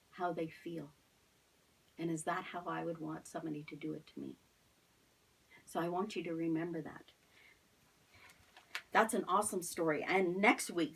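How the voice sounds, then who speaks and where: Sunday school teacher woman, slightly husky. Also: fairly low pitch, distant mic, low-quality recording. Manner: animated, asks children questions, drops to soft whispers. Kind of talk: storytelling lesson for children.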